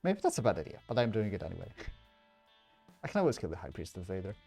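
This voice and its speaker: Game storyteller, brisk, matter-of-fact, voice chat, home computer mic, lively pitch. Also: vocal fry, husky, soft background music. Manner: brisk, matter-of-fact, thinks aloud between calls. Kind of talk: running an online social deduction game over voice chat.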